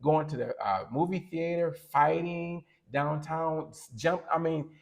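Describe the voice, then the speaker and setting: A man's voice: on the high side, unhurried, vocal fry. A man co-hosting a podcast, giving opinionated casual commentary that rambles and corrects itself as he goes. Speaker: podcast co-host.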